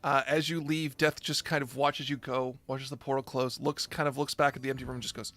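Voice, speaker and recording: A man narrating a tabletop game as game master, in a lively storytelling way. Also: mid-range voice, brisk, slight background noise.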